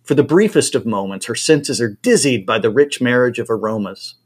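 A man reading a story aloud at a brisk, expressive pace. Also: mid-range voice, breathy edge. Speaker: reader.

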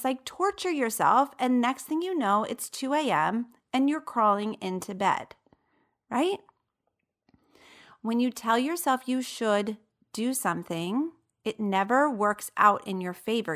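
Animated woman podcast coach, higher voice. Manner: animated, playful, acts out inner voices. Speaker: ADHD coach and podcast host. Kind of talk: casual solo podcast monologue.

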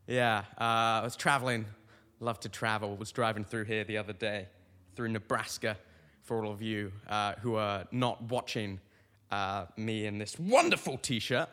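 Rambling young comedian in a reverberant space. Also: male voice, on the low side, moderate pace, pushed and bright, clean tone. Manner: meandering, self-mocking storytelling with tangents. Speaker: comedian podcast host. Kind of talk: rambling comic monologue.

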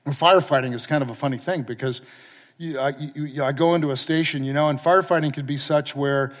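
A man preaching a sermon, telling a lively firefighting story that drifts into scripture, acting out his own lines as he goes. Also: a little high, fast talker. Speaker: pastor and fire chaplain. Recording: long reverb of a large hall.

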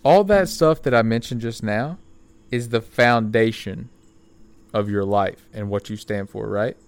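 Low, smooth-voiced young man podcasting. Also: a little slow, dry recording. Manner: rambling and friendly, with many fillers and self-corrections. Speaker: podcast host. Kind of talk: casual solo podcast talk. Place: back porch, outdoors.

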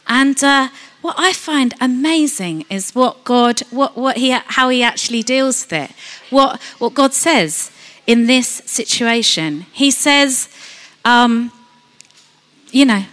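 A woman preaching with a bright, high-pitched voice. She talks to the congregation conversationally, full of rhetorical questions, and jumps into sudden high shouts when she acts out fear. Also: lively intonation, takes it slowly. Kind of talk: sermon.

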